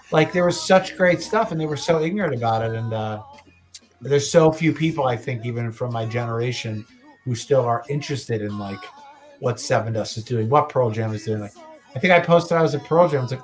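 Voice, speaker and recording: Speaking fairly quickly at a medium pitch, this podcast co-host in his late thirties wanders from point to point, curses freely, and keeps starting over. Soft music plays in the background.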